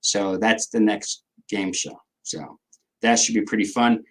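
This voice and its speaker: A man's voice: lowish voice, fairly even intonation, measured pace, a bit bright, low-quality recording. A middle-aged man, hosting a casual livestream, rambling and joking as he answers viewers' comments. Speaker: livestream host.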